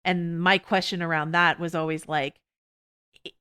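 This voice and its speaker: A woman hosting a podcast, talking quickly and casually, full of fillers and laughs. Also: lowish voice, steady tone, bright, forceful tone, clear, resonant tone. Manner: quick, chatty, full of "you know" and laughs. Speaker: podcast host. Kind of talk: casual TV discussion chat.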